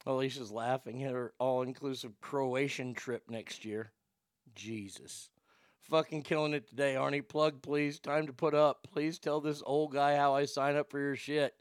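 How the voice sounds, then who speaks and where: A man's voice: mid-range voice, fairly even intonation, moderate pace, smooth, no echo, studio quality. A male radio host giving blunt, vulgar, mocking comedic commentary.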